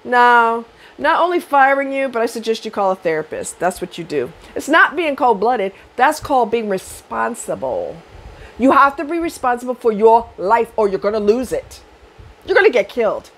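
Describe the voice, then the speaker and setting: Very animated and speaking at a moderate pace, a middle-aged woman delivers a blunt, swearing monologue of dating advice to camera. When she starts ranting, her voice climbs loud and high.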